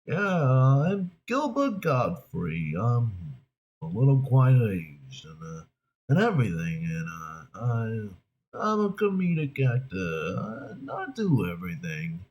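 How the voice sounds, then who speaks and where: An aged, scrawny comedian with a New York accent, as a man puts him on, rambles and stalls between his words. His pitch wanders widely from low to high. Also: sing-song, a little mellow, highs cut off. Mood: rambling. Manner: rambling, halting, mumbled.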